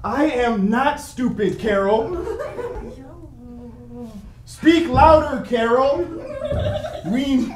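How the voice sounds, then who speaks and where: A man's voice: high-pitched, slow pace, a little mellow. A man playing a reluctant, sarcastic recruit in an improv scene who whines and talks back. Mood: sulky. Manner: whiny, talking back. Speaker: improv performer. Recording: echoey room with background noise.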